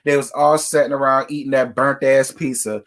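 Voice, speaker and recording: A man's voice: medium pitch, flat delivery, normal speed, a bit bright. A man hosting a casual reality TV recap, talking bluntly and profanely in a scolding tone. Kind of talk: casual commentary rant.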